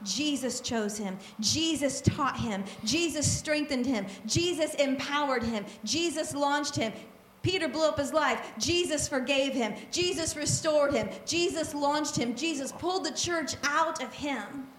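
A woman preacher giving an animated, conversational sermon, with quick asides and repetition for emphasis. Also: high voice, roomy sound, a little hiss or hum.

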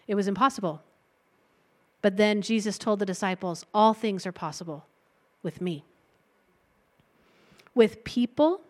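A woman preaching a sermon in a conversational way, retelling a Bible story and breaking into light laughs between points. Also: medium pitch.

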